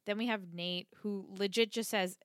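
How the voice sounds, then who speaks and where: A woman's voice: mid-range voice, steady tone, normal speed, no echo, clean studio sound. A woman co-hosting a podcast, recapping a TV episode in casual chat and acting out the characters' lines. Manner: recaps scenes, acts out quotes. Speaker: podcast co-host.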